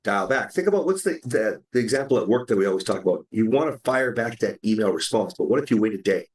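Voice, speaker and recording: A podcast host chatting casually and animatedly, swearing now and then. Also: male voice, lowish voice, fast talker. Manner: animated, acts out quoted dialogue, swears casually. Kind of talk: casual chat. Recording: roomy sound from a distance.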